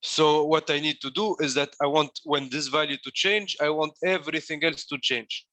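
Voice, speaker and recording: A man's voice: fairly high pitch, steady tone, moderate pace, sharp tone, no echo. A man coaching a class through code in a live walkthrough, explaining each step while demonstrating it. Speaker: coding coach.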